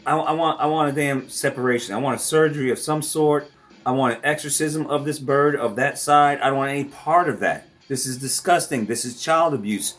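A man's voice: medium pitch, fairly quick, a bit bright, faint music behind. A man hosting reaction commentary, ranting with heavy profanity and frequent laughter. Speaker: host.

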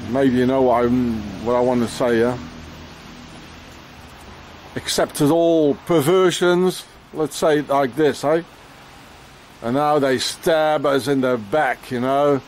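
A man delivering an angry, rambling rant outdoors in the rain, swearing often and filling every pause with "you know" and "eh?". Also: mid-range voice, fairly even intonation, darkish tone, a little hiss or hum.

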